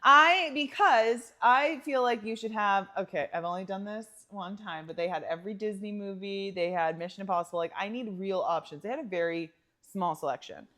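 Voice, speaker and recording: A woman co-hosting a podcast in casual chat, telling stories with lots of laughter and animated asides. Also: mid-range voice, moderate pace. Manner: animated storyteller, laughs often, acts out quoted lines. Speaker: podcast co-host.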